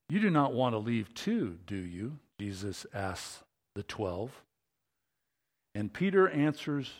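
A man delivering a sermon with a somewhat high voice that swings widely, climbing high and loud when excited and dropping low and quiet on key words. He talks in a casual, conversational way, checking in with his listeners. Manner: animated, conversational, asks the congregation questions. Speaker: pastor.

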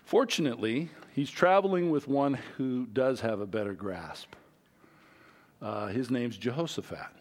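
A man preaching a conversational sermon, shifting between loud, excited stretches and quiet, low asides. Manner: lively, conversational preaching with wide swings in pitch and loudness. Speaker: pastor.

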